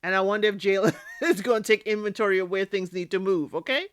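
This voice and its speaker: Talking fast in a mid-range voice, a woman recaps a reality TV show casually, offering commentary. She's emphatic, tells off the people on the show directly, and keeps tacking "okay?" onto her points; the studio-quality recording is dry.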